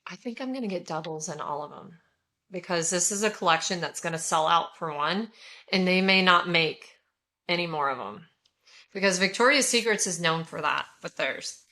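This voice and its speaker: A woman's voice: on the low side, animated, moderate pace, pushed and bright. A woman in her forties from California, gushing to viewers in a casual chat while she reviews scented products. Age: 40s. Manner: gushing, effusive, talks to viewers. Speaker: haul vlogger.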